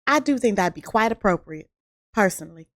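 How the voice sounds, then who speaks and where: A woman's voice: mid-range voice, a little fast, a little hiss or hum. A woman from the American South with a Southern accent, co-hosting a casual podcast and telling the story with lots of laughs. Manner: giggly, animated storyteller. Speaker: podcast co-host.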